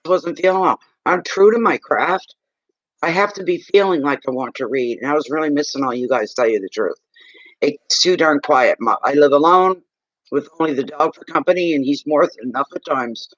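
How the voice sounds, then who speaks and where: A man's voice: a little high, fairly quick, fairly bright tone, no room sound, lo-fi sound. A man in his sixties, a psychic reader, chatting in a rambling, casual way on a livestream. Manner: rambling, chatty, talks while eating.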